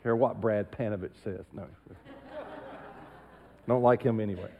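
A male pastor preaching a sermon emphatically, dropping into quiet asides. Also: fairly low pitch, steady tone, moderate pace, long reverb tail, phone-quality sound, a faint crowd, slight background noise. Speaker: senior pastor. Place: church sanctuary.

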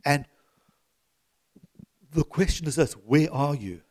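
A middle-aged man preaching a sermon to his church, swinging from loud exhortation to soft, chuckling asides. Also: on the high side, animated, slow. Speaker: pastor.

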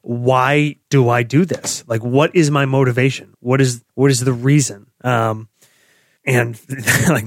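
A man co-hosts a podcast in relaxed chat. He is opinionated and swears casually, in an ordinary mid-range voice. The recording is dry and close. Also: medium pitch, unhurried, no echo. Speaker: podcast co-host.

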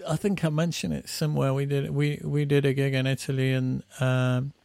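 A man's voice: medium pitch, flat delivery, moderate pace, creaky, a little mellow, dry recording. A middle-aged man, a musician guest, telling rambling tour anecdotes and acting out the quotes. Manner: rambling, with acted-out quotes and laughs. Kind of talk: anecdotal storytelling.

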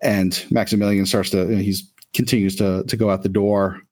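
A man narrating as game master of a tabletop role-playing game, in a relaxed, profane storytelling manner. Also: low-pitched, normal speed.

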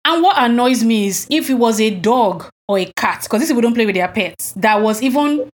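A woman's voice: fairly high pitch, animated, fairly quick. A woman co-hosting a podcast, recounting events in an indignant, emphatic way and asking pointed rhetorical questions. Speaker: podcast co-host. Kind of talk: casual conversational chat.

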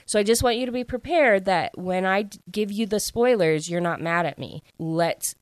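A woman's voice: mid-range voice, dry recording. A young woman hosting a book podcast, chattily recapping the plot with lots of "like" fillers. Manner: chatty, fillers of "like", quick retelling. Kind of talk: casual spoiler recap.

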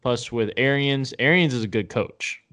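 A man's voice: medium pitch, moderate pace, fairly bright tone. A man co-hosting a casual sports podcast. He rambles and hesitates, circling back with fillers and half-finished sentences as he works out his point. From Tampa Bay area, United States. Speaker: podcast co-host.

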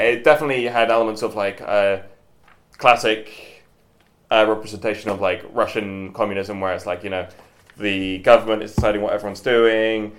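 A man co-hosting a casual podcast, chatting enthusiastically with lots of filler words. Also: on the low side. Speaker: podcast co-host. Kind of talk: casual chat.

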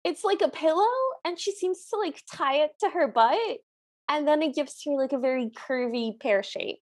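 A woman's voice: high voice, normal speed, a little mellow. A woman co-hosting a podcast, describing an old cartoon in a playful, enthusiastic way. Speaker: podcast co-host. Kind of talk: casual review chat.

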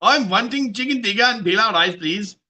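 A man's voice: high-pitched, animated, a little fast, bright, forceful tone, pitched above the performer's own voice, full character voice. A man putting on an Indian English accent. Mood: ordering. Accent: Indian English, put on. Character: man ordering curry at a takeaway.

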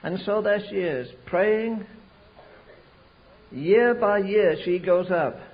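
An older man preaching a sermon, telling stories slowly and rising to fervent pleas. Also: high voice. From England. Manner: storytelling with slow emphatic stretches, rising to fervent pleas. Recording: muffled lo-fi sermon recording.

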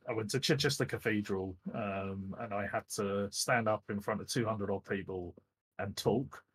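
A middle-aged man from the UK, an esports director appearing as a guest, tells rambling, self-deprecating stories full of fillers in a casual interview chat. His voice is on the low side and slightly rough, and the recording is rough too.

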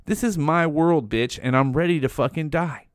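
Bitter, weary old male cat, voiced by a man in his own clear tone, complaining and fed up. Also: a little high, normal speed, no echo, clean studio sound, voice pushed up, lightly acted.

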